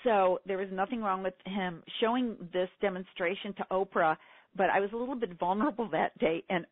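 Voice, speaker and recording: A middle-aged woman, a seminar teacher, telling a personal story in an interview, earnest and emotional with quick laughs. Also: medium pitch, no room sound. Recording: tinny dry phone line.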